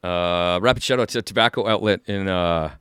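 A man co-hosts a podcast in a studio, chatting casually with a rambling, enthusiastic manner. His voice is low, and his words come out quickly. The sound is dry, with no room echo. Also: fairly bright tone, clear, resonant tone. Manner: rambling, enthusiastic, full of fillers and restarts. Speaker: podcast co-host. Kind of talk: casual chat.

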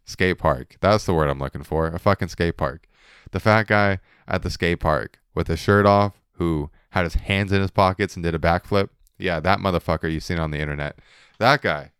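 Casting: young male podcast host, deep and unhurried, smooth clear voice, dry close mic, jokey and loose. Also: fairly bright tone, no echo. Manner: laid-back, joking, swearing, laughing often. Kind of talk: casual solo podcast chat.

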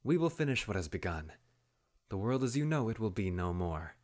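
A man's voice: lowish voice, sing-song, normal speed, a little mellow, pitched above the performer's own voice. A man voicing a grave male oracle who speaks in a solemn, prophetic tone.

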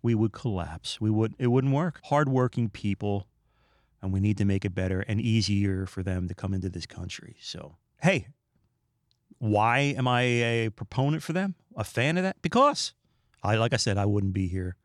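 A middle-aged man hosting a podcast, talking in an animated, emphatic and opinionated casual monologue. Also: lowish voice, moderate pace, no echo, clean studio sound. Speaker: podcast host.

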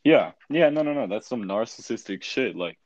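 A teenage student in casual chat who talks bluntly and profanely, stumbling through restarts. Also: male voice, medium pitch, animated, normal speed, darkish tone, no room sound. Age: teens. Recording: slightly dull lo-fi sound.

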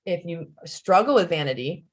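Woman podcast guest, earnest and frank, notably low-pitched. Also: animated, moderate pace. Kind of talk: casual chat.

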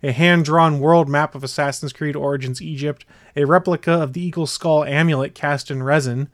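A man with a slightly high voice hosts a casual podcast, rattling off details with eager enthusiasm. The recording is close and dry. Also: fairly even intonation, dry recording. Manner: enthusiastic, fast rundowns. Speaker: podcast host. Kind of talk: casual chat.

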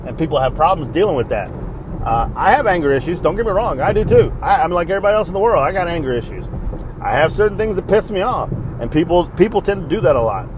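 A middle-aged man hosts his podcast in a casual, fired-up rant, blunt and full of swearing. His voice sits a little high for a man. A faint hiss of noise runs underneath. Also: animated, quick pace. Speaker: podcast host. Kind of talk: casual ranting monologue.

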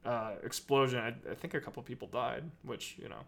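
A man's voice: medium pitch, brisk, creaky. A man co-hosting a podcast, chatting in a rambling, crude, joking way with lots of fillers and laughs. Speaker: podcast co-host. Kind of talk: casual podcast banter.

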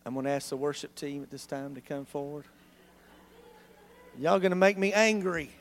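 A male pastor, preaching a sermon in a church in an animated, conversational way full of rhetorical questions. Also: a little high, normal speed, a little hiss or hum.

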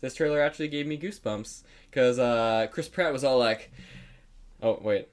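A man's voice: mid-range voice, normal speed. A young man co-hosting a podcast, chatting casually, rambling with lots of fillers, frequent laughs and casual swearing. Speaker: podcast co-host. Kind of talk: casual chat.

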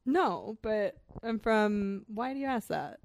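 A woman's voice: mid-range voice, lively intonation. A woman from Wisconsin hosting a casual podcast chat, joking and teasing her guest. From Wisconsin, suburbs of Milwaukee. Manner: joking, teasing, quick to laugh. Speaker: podcast host.

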